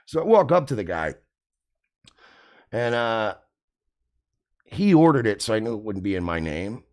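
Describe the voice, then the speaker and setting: A man hosting a radio show, telling a story in a casual, profane, animated way. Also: lowish voice, measured pace. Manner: profane, animated, acts out quotes.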